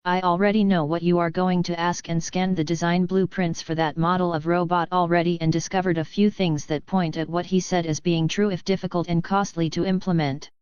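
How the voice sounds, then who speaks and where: A woman's voice: lowish voice, level tone, fairly quick, few pauses, darkish tone, smooth, no echo, dull audio, natural voice. Angel, a precise AI assistant, read by a woman. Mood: matter-of-fact. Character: calm precise female AI assistant.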